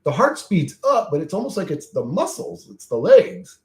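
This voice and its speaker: A man's voice: high voice, sing-song, normal speed, darkish tone. A man casually chatting on a livestream, reading chat aloud, laughing often and swearing freely as he jumps from topic to topic. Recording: roomy echo.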